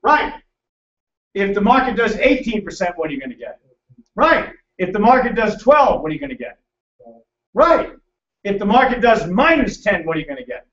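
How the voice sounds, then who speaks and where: High-voiced shouting seminar man, echoey. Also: big pitch swings, normal speed. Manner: loud, emphatic, hectoring, teasing the audience. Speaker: financial seminar presenter. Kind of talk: motivational seminar lecture. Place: seminar room before a live audience. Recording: echoey, distant, dull room recording.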